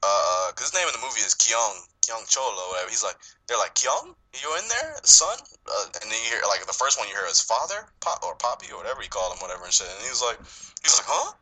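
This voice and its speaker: A man's voice: on the low side, expressive, fast talker, pushed and bright, poor audio. A man casually retelling a movie scene, rambling, swearing often and laughing a lot. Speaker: movie discussion co-host. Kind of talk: casual profane chat.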